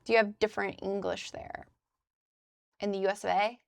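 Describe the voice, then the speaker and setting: A young livestreamer from the US Midwest chats loosely with her live chat from a crafting desk indoors, swearing casually. Her mid-range voice is creaky with little pitch movement and moves at a normal speed, on a dry recording.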